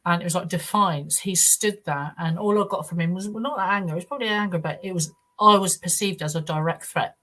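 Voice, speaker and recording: Earnest, halting woman, low voice. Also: fairly bright tone. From United Kingdom. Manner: earnest, halting storytelling with frequent restarts. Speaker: guest. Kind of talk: first-person account in a podcast interview.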